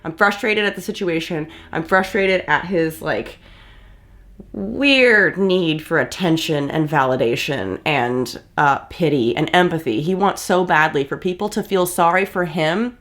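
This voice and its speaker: Woman, 30s, YouTube commentator; blunt, sarcastic, exasperated delivery, slightly low voice. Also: a little slow, fairly bright tone. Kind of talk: casual commentary.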